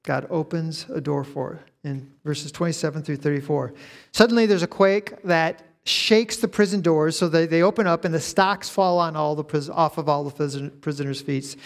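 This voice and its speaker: Man, pastor, sermon, slightly high-pitched, measured delivery that climbs into loud emphasis. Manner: builds from measured teaching to loud, rising emphasis.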